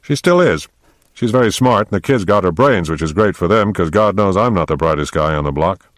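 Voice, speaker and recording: A man's voice: sits low, lively intonation, a little fast, no room sound, clean studio sound. A man reading a novel aloud, voicing a rueful, self-mocking working man full of regrets.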